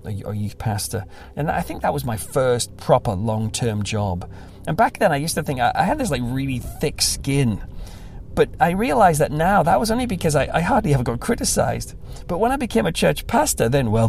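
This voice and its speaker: Young male pastor, casual self-deprecating talk, gravelly, lively pitch, faint music under. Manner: animated, self-deprecating, mimics voices.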